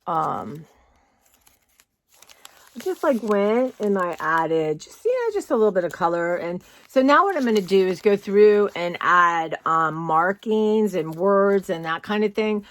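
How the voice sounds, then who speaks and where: A woman's voice: medium pitch, animated, a little slow, no room sound. A woman vlogging casually from her home, chatty and rambling, often saying "y'all". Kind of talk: casual chat. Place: home, indoors.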